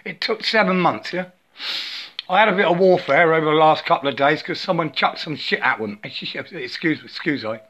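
A man's voice: a little high, moderate pace, bright, forceful tone, dull audio. A man rambling through a spiritual monologue into a phone, chanting wordless syllables and tagging his sentences with "yeah?", often stammering and repeating words.

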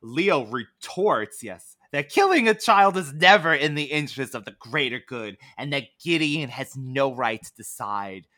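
Bright-voiced man recapping an episode. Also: mid-range voice, a little slow, hardly any pauses, dry recording, studio quality. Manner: animated, slips into mock voices and laughs. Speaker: podcast co-host. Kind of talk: casual chat recapping a TV episode.

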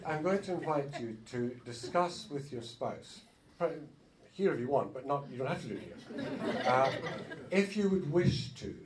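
A man co-leading a marriage course, talking informally to a group of couples in a good-humoured, halting way and laughing often. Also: medium pitch, animated, a crowd in the background. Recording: roomy hall, distant mic, faint noise.

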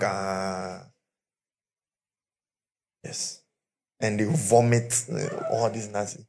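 Animated preacher man. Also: on the low side, extremely slow, gravelly, long pauses. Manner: animated, storytelling preaching with pidgin asides. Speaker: pastor. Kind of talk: sermon. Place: church with live and online congregation.

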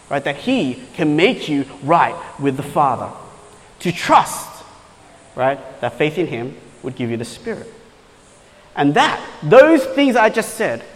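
Pastor preaching in a reverberant hall. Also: male voice, high-pitched. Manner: conversational, repeats "right?" to check understanding. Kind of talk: sermon.

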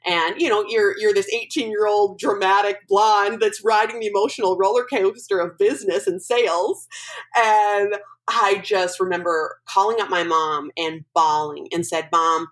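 A woman guest on a podcast, telling a personal story in an animated, emotional way. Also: medium pitch, normal speed, rough recording. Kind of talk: casual storytelling interview.

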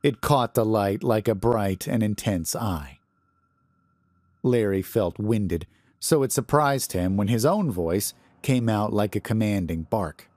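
A man narrating a horror short story in a measured, deliberate reading. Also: deep voice, darkish tone, dry recording.

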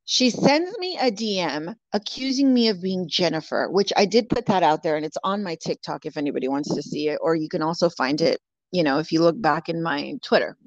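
A woman's voice: low-pitched, expressive, brisk, dry recording. Woman from california ranting in casual chat, says "like" a lot, kinda muffled dry audio. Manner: blunt, swears freely, many "like" fillers. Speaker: guest.

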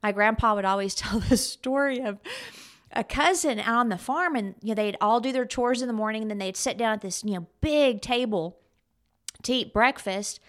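A middle-aged woman co-hosts a talk show podcast, chatting casually in a fairly high, slightly bright voice at normal speed. She tells stories animatedly and laughs often.

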